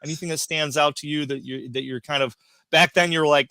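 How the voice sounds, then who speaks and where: Bright-voiced man asking rambling questions. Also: fairly high pitch, fairly even intonation, a little fast, smooth, no echo. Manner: rambling, searching questions with filler words. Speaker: co-host. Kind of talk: casual interview chat.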